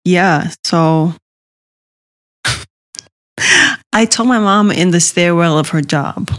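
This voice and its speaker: A woman's voice: fairly low pitch, slow pace. Earnest woman telling her own story. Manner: earnest, insistent, repeating herself. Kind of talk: personal storytelling.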